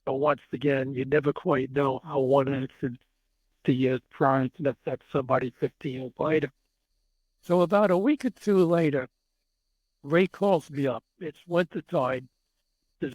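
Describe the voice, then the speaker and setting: A man in his eighties, guest in a storytelling interview, is an animated teller who acts out the dialogue. His mid-range voice moves at a moderate pace with a breathy edge. There's no echo, but the audio is poor.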